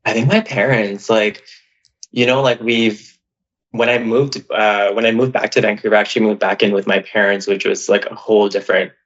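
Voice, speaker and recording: A man's voice: lowish voice, steady tone, brisk, fairly bright tone. Chatty man on a dull recording. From Canada. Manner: chatty, heavy use of "like", emotional and open. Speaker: podcast guest. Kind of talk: casual personal storytelling. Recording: dull, lo-fi audio.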